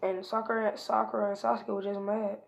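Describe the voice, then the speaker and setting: List: woman, gravelly, mid-pitched, rambling fan-story narration, lots of "uh". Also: level tone, a little fast. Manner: rambling, strings events with "and then he was like"; frequent hesitation fillers. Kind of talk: casual improvised fan-fiction retelling.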